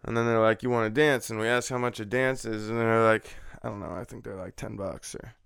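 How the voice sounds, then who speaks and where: A man's voice: fairly low pitch, steady tone, brisk, vocal fry, a bit bright, clean tone, dry recording, studio quality. A young man casually telling a rambling, profane anecdote, laughing now and then. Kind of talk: casual storytelling.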